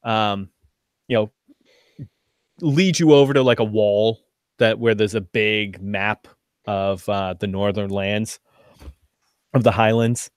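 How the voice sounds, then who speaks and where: A man's voice: fairly low pitch, steady tone, slow, long pauses, smooth, no echo, clean studio sound. A man as game master, narrating casually in a rambling, self-mocking way.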